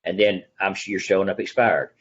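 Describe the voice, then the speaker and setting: This middle-aged East Texas man speaks low and fairly quickly in a husky voice, captured on dull audio. Working in real estate, he recounts his story in a relaxed interview, folksy and sincere, playing out the conversations he recalls.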